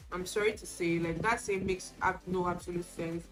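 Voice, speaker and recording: A woman's voice: fairly low pitch, steady tone, moderate pace, low-quality recording. Chatty woman vlogger over background music. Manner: chatty, candid storytelling; acts out quoted exchanges. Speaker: beauty vlogger. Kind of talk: casual get-ready-with-me chat. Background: music playing.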